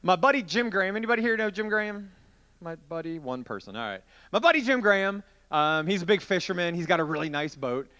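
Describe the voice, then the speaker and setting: A man preaching to a youth group, telling a long story in a chatty, animated way and acting out the scenes as he goes. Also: high-pitched, fast talker, clean tone. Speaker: youth pastor.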